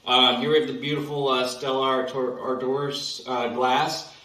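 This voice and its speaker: A man's voice: medium pitch, level tone, moderate pace, bright, forceful tone. A man hosting a sponsored bit on video, talking hesitantly with many ums and uhs. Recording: echoey room, far from mic.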